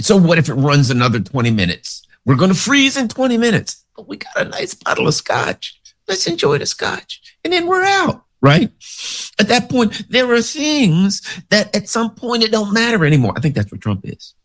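A man's voice: sits high, big pitch swings, normal speed, a bit bright. A man giving casual, sarcastic political commentary, rambling through stories and asides.

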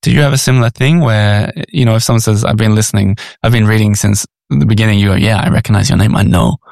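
A man's voice: on the low side, fairly even intonation, fast, vocal fry, a little mellow, no room sound, clean studio sound. An Australian man hosting a casual podcast interview, chatty, with hesitant starts and lots of fillers. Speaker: podcast host.

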